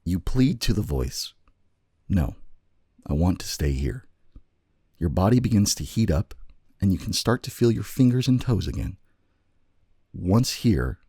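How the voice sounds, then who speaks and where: Brief: deep husky male podcast host, lively storyteller delivery, dry close sound. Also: no echo. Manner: low gravelly voice, slow dramatic storytelling. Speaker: podcast co-host telling a choose-your-own-adventure story. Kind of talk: casual chat and dramatic story narration.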